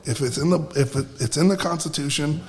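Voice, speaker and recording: A man's voice: a little high, fast, a little mellow. A man from Brooklyn, a podcast guest telling stories emphatically, with frequent restarts and profanity. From Brooklyn, USA. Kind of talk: casual podcast conversation. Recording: roomy with long reverb.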